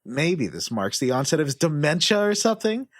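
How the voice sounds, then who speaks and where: A man's voice: on the high side, a little fast. A man hosting a casual podcast game, reading user reviews aloud and humming while he looks up the next one. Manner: animated, reads reviews in a lively sing-song way, hums while searching. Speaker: podcast host running a guessing game.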